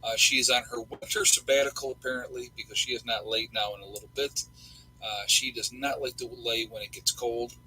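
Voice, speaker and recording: A middle-aged man hosts a casual livestream, rambling in a folksy way with plenty of fillers. His voice is very bright and husky, sitting at an ordinary pitch for a man. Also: fairly even intonation, brisk, low-quality recording. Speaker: livestream host.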